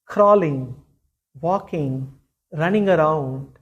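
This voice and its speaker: A man's voice: a little high, slow pace, breathy edge, dull audio. A man, a spiritual teacher animatedly retelling a scripture story with many "you know" asides.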